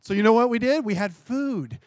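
Male pastor, high pitch, dry close sound; lively sermon testimony, repeats phrases for emphasis. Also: fairly quick, no echo.

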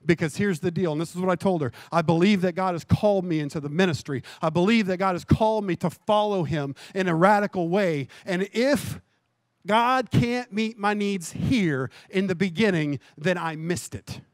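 A man, a pastor, preaching a sermon and telling a personal testimony, with animated storytelling that repeats phrases for emphasis. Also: high voice, moderate pace, dry recording.

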